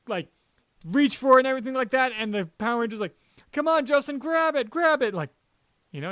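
Male podcast co-host, high voice, rambling and jokey. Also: fairly bright tone, dry recording. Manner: rambling, laughing, sarcastic, many "like"s. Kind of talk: casual chat.

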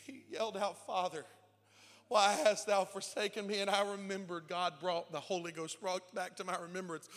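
A young man preaches from the pulpit of a church, his high, bright voice swinging from near whispers to shouted cries. He sounds tearful and emotional. The sanctuary's long reverb trails behind him over faint music. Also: normal speed. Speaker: pastor. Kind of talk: sermon.

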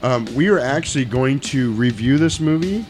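A man's voice: medium pitch, animated, normal speed, faint music behind. A man hosting a podcast, a little tipsy, chatting loosely and cursing freely. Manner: loose, rambling, profane. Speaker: podcast host. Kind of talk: casual chat.

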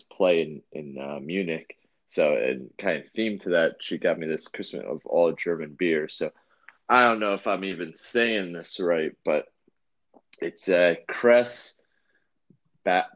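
A man's voice: sits low, dull audio. A man co-hosting a podcast in casual chat, rambling and laid-back with lots of fillers and restarts. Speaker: podcast co-host.

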